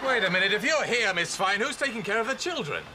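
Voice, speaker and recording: Man, fussy exasperated employer, very lively pitch, clear audience noise behind. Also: fast talker. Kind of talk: sitcom acting. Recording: sitcom audio with audience noise.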